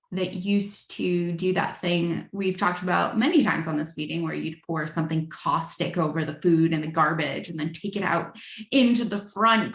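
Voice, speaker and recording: A woman's voice: lowish voice, vocal fry, fairly bright tone, echoey room. A woman in her thirties sharing her story at a recovery meeting, candid and frank with a self-deprecating edge. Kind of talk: personal share at a twelve-step meeting.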